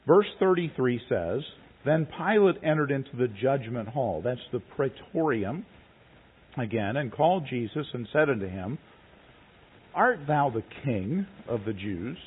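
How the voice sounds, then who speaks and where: A man preaching a sermon, reading scripture slowly and then retelling it in plain conversational words. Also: mid-range voice, sing-song, breathy edge. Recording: tinny phone-like recording.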